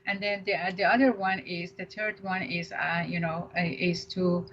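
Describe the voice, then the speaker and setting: A woman's voice: lowish voice, fairly even intonation, moderate pace, a bit bright. A female co-host on a counseling radio show, explaining steadily and often adding "you know" and "right?". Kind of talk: radio talk show discussion. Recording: dull lo-fi radio audio with faint hiss.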